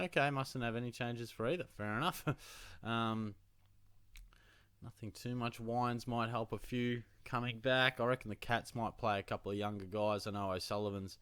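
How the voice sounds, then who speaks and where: A man's voice: medium pitch, a bit bright, clear, resonant tone, no echo. A young adult man with an Australian accent, chatting casually as a fantasy football show host and telling stories full of slang. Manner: chatty storytelling with slang and laughs. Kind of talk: casual chat.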